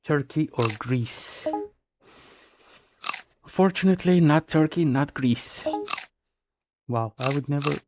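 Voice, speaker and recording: This Romanian man, speaking with a Romanian accent, is a live game streamer bantering playfully with viewers, full of puns and repeated phrases. His voice is a little high, and he talks slowly with frequent pauses. The stream audio is noisy and has clicks.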